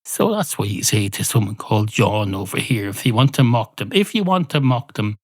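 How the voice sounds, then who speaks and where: On his podcast, a man from Ireland with an Irish accent rambles through a mock-indignant comedy bit, swearing liberally and jumping up and down in pitch, with no room sound audible.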